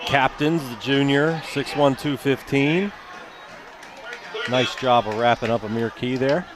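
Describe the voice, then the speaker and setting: A man doing color commentary at a high school football game, breaking down plays in a relaxed, chatty way. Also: measured pace. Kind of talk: sports commentary. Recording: crowd and outdoor noise behind.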